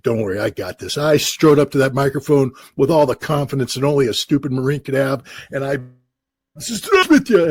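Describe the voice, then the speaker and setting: A man in his sixties from the United States, telling lively anecdotes as an interview guest, acting out quoted voices. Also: mid-range voice, no echo. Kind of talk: storytelling in an interview.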